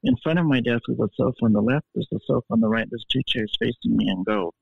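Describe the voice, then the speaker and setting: A man spins a story in a flamboyant, theatrical manner, his voice thin and tinny as if coming through a phone line. The sound is dry, with no room around him, and his pitch sits at an ordinary middle for a man. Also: fast talker, gravelly, slightly rough, dry recording. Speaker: podcast guest. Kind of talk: animated storytelling.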